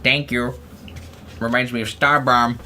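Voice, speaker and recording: Male streamer, bright sharp voice, slow rambling goofy chatter. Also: mid-range voice, flat delivery, slight background noise. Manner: rambling, goofy self-talk with playful asides. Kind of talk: casual livestream chatter while crafting.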